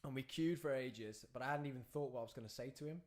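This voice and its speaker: A young man hosting a podcast, chatting casually and telling anecdotes in quick bursts with trailing asides. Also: medium pitch, a little mellow. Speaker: podcast host. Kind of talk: casual chat.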